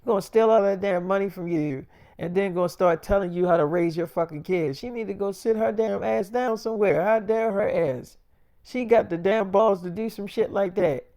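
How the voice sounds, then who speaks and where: A man's voice: sits high, moderate pace, mellow, no room sound, clean studio sound. A man voicing a furious young wife who scolds her mother, cursing heatedly in a freestyle role-play story. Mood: indignant.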